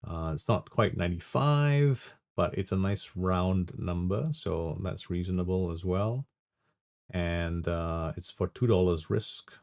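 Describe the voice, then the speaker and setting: A man hosting a live trading stream, thinking aloud about his trades in a halting way with restarts. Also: sits low, a little mellow. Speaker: trading livestream host.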